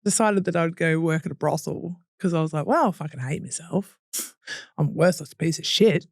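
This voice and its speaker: A woman's voice: low-pitched, normal speed, creaky, no room sound, studio quality. A young Australian woman, a podcast guest, telling her hard story bluntly and with swearing, laughing through painful memories and acting out what people said. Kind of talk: candid personal storytelling.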